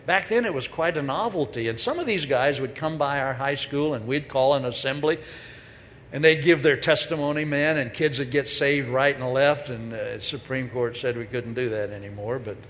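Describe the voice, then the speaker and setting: A man's voice: medium pitch, normal speed. Man preaching in an echoey hall. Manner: storytelling, animated, with sudden loud peaks. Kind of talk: humorous sermon. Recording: echoey hall with faint noise.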